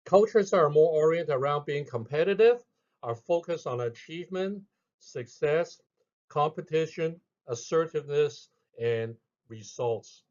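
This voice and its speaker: A man narrating a scripted lesson in a measured way, reading out each heading with emphasis. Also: a little high, animated, a little mellow, muffled recording. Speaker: instructor.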